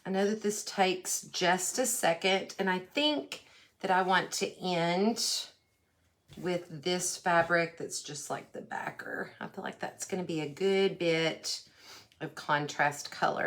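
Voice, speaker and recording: Here a woman with a lowish voice and a Texan accent chats her way through a casual craft stream. She greets viewers warmly by name in a folksy manner as she works on her project.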